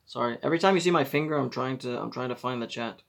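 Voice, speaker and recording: Gravelly man rambling on a live stream. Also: medium pitch, quick pace. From Israel. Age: 40s. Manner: rambling, self-correcting, chatty advice.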